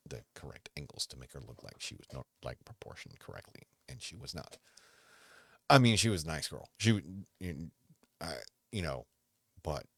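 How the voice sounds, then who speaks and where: Very deep-voiced man rambling. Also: creaky, a bit bright, dry recording, studio quality. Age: 40s. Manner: rambling, halting, with many restarts. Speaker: podcast host. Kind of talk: casual solo chat.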